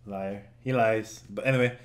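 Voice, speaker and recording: A man's voice: fairly low pitch, steady tone, moderate pace. Young man, laughing podcast host. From Germany. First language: German. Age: 20s. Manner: laughs often, swears casually, joking. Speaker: podcast host and game streamer. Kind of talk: casual podcast banter.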